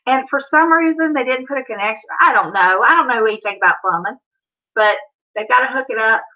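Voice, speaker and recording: A woman's voice: on the high side, brisk. A woman with a Blue Ridge Mountain accent, hosting a livestream from home in a chatty, rambling way. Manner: chatty and rambling, with a Southern drawl. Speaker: livestream host. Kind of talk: casual chat. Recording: slightly muffled livestream audio.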